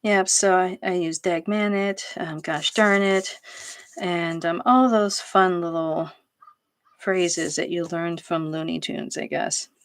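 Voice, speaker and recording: A woman's voice: on the low side, steady tone, slow pace, smooth, no echo. A middle-aged woman hosting a craft video, chatting casually and laughing at herself while she works at home. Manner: chatty and self-deprecating, laughs often. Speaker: craft channel host.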